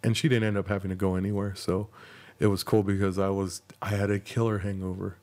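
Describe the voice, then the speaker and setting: A man's voice: deep voice, little pitch movement, quick pace, darkish tone. A young man hosting a podcast, telling a rambling, profane story about himself in a casual, self-mocking way. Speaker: podcast host.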